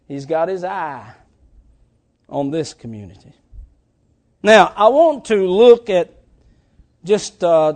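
A man preaching a sermon, reading scripture and speaking directly to his congregation with emphatic, drawn-out phrasing. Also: sits high.

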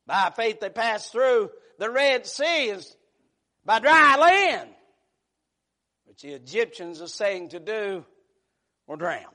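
A man preaching a sermon, moving between quiet, hushed storytelling and loud, shouted passages. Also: sits high, big pitch swings, slow pace, pauses often.

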